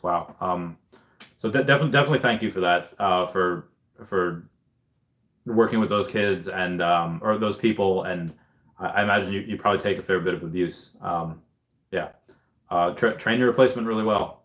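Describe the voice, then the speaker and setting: A man hosting a casual livestream, reading chat comments aloud and thinking out loud in a rambling way. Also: low-pitched, normal speed. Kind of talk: casual live-stream chat.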